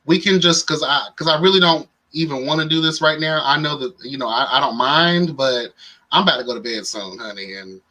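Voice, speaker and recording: A man's voice: fairly high pitch, brisk, bright, forceful tone. A man hosting a casual livestream and chatting with viewers in a sassy, playful way. He sounds tired. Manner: sassy and playful, calls viewers "child" and "honey". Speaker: livestream host.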